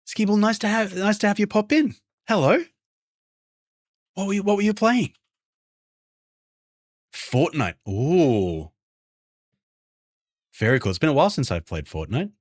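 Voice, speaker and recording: An Australian man from Brisbane, a variety streamer and game developer, chatting casually with his viewers and greeting them by name. He often keeps his voice hushed so the game won't hear him. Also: sits high, lively intonation, unhurried, pauses often, dry recording, studio quality. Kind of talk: casual livestream chat with viewers.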